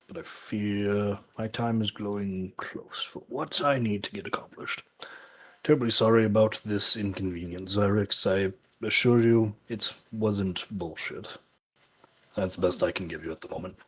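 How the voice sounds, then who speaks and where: A man voicing a secretive, apologetic male adventurer who speaks in a hushed, formal way. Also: lowish voice, measured pace, breathy edge. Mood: guarded.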